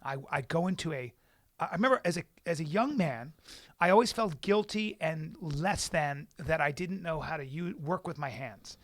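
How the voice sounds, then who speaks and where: Male podcast co-host, high voice, dry studio sound, lively self-mocking storyteller. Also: moderate pace, no echo. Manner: animated, self-deprecating storyteller. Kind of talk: casual chat, storytelling.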